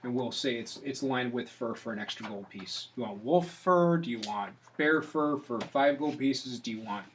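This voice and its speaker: Male game master, mid-pitched, playful narration, faint hiss. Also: expressive, moderate pace, hardly any pauses.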